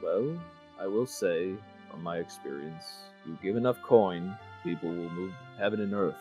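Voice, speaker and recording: Brief: man doing a formal, curious adventurer with very deep, stiff old-fashioned speech, faint music behind. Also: normal speed, dull audio, lightly acted. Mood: earnest.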